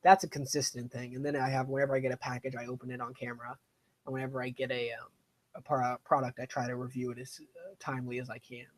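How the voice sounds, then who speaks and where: A young adult man with a medium-pitched voice talks fast in a level tone. As a gaming streamer, he chats casually through a live game stream, rambling on and making fun of himself while he plays.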